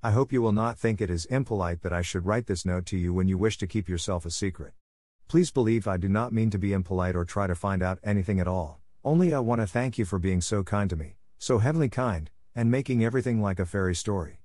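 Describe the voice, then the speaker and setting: A man voicing a gentle, hopeful young girl who speaks in an earnest, tender and polite way. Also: on the low side, fast talker, no room sound, studio quality, natural voice. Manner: earnest and tender, softly affectionate.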